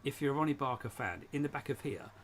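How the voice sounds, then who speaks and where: A man's voice: mid-range voice, animated, fast talker. Man, live stream host, rambling casual chat, laughs a lot, recorded in a shed, faint background noise. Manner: rambling, chatty, laughs often. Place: home shed.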